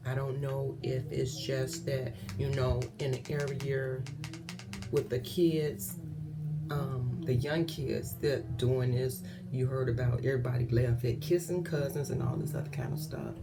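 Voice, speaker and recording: A woman vlogger giving impassioned commentary, earnest and often dropping to a hushed whisper. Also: very deep voice, steady tone, measured pace, music in the background.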